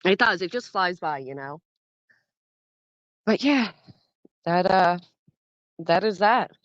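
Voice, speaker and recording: A woman's voice: on the low side, expressive, takes it slowly, no room sound. Chatty woman streamer greeting viewers. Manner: chatty, greets viewers by name while reading chat. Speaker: livestream host. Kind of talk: casual livestream chat. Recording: dull dry sound.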